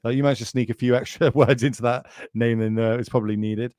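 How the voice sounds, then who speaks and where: A man's voice: mid-range voice, fairly even intonation, fast talker, a little mellow, clear, resonant tone, dry recording, clean studio sound. A British man commentating live on a card game tournament, chatty and joking, plugging the channel between plays. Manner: chatty, jokey, plugs the channel.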